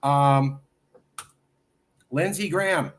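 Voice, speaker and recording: A man hosting a political talk show, chatty and animated, who quotes people at length as he sets up his questions. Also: on the high side, very slow, slight background noise. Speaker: host.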